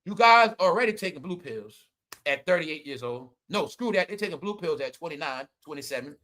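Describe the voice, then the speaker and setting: A man giving casual comedic commentary to his audience, loud and profane, laughing often and swinging between shouting and muttering. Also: on the high side, expressive, fairly quick. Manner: profane, talks straight to the audience. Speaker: online commentator.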